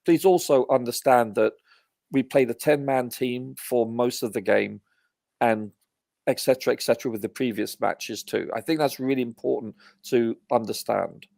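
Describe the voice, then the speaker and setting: A man's voice: medium pitch, normal speed, vocal fry, a little mellow, dry recording, clean studio sound. A man on a live football review panel giving earnest, emphatic opinions, often hedging with "you know". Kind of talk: casual live match review.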